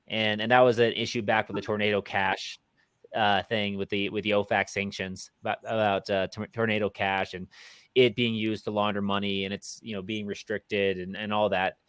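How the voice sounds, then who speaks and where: Man, lowish voice, podcast co-host, halting with fillers, dry close mic. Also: little pitch movement, a bit bright, clear, resonant tone, no echo. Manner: hesitant, many fillers and restarts. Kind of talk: casual podcast discussion.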